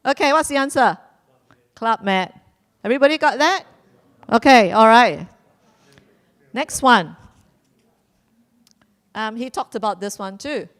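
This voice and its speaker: A woman hosting a live quiz at a community celebration, playful and repeating her instructions, laughing now and then. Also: fairly high pitch. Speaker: quiz host.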